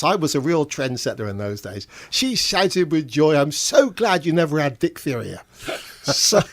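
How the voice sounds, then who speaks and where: Older man telling stand-up jokes. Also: fairly high pitch. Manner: deadpan, chuckles at his own punchlines. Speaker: stand-up comedian and show compere.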